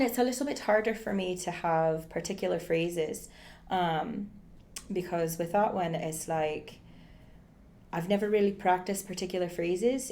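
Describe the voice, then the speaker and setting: A woman's voice: on the low side, darkish tone. A woman talking casually about how she practices accents for stage characters, with frequent fillers and laughs. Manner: chatty, laughs often, many fillers. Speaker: actor teaching accents. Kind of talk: casual instructional chat.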